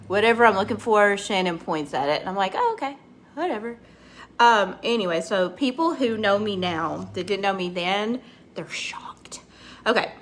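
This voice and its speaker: A middle-aged woman with a medium-pitched, slightly bright voice chats and rambles through a casual makeup tutorial, addressing her viewers by name. There's slight background noise.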